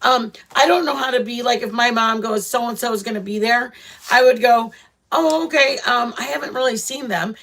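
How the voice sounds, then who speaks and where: A woman's voice: a little high, moderate pace, gravelly, a bit bright. A middle-aged woman hosting a casual livestream chat. She talks bluntly and rambles, with lots of fillers and restarts. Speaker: channel host chatting with live viewers.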